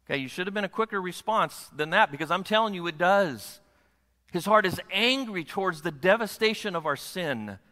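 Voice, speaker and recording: A man's voice: high voice, expressive, normal speed, bright, forceful tone. A pastor preaching a sermon to his congregation, often asking them rhetorical questions. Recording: long hall reverb.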